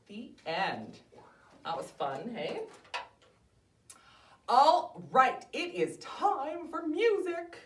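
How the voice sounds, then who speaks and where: A woman tells a fairy tale to children in a slow, unhurried way, her pitch swooping widely. She is heard from a little distance in a roomy library space. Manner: animated, expressive storytelling. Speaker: children's storytime host. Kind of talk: reading a story aloud to children. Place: library room.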